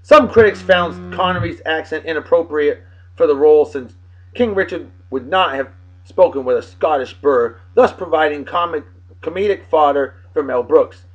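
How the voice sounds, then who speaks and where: A man's voice: fairly high pitch, normal speed, dull audio. A man hosting a casual home show, reading movie trivia aloud with offhand wry asides. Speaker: host.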